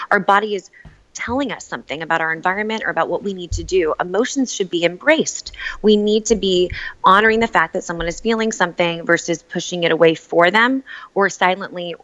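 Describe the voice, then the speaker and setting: Reflective woman in casual chat, a bit low, dull lo-fi sound. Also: a bit bright. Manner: reflective, repeats words and restarts often. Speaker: podcast guest, writer on emotions. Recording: dull lo-fi audio.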